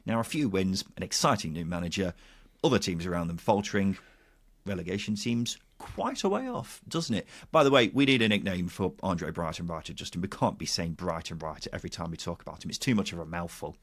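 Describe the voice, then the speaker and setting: Lively, exasperated man co-hosting. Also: deep voice, brisk. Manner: incredulous, exasperated arguing. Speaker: podcast co-host. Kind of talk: casual football chat.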